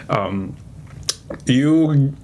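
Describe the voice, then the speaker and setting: Man, stand-up comic, gravelly, blunt crude asides, casual podcast banter. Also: mid-range voice, animated, extremely slow, darkish tone. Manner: blunt, crude interjections with hesitant fillers. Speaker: stand-up comedian.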